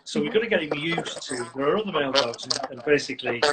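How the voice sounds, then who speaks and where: A man, a dog trainer, giving lively, casual advice on a video call. He acts out scenes and keeps checking in with "right?". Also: a little high, fast talker. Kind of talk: casual advice on a live stream. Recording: distant mic with loud noise.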